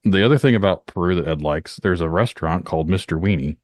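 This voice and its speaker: A man's voice: low-pitched, fast talker, no echo. A man from Northern Indiana, hosting a podcast in a rambling, talkative way. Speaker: podcast host. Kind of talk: casual podcast chat.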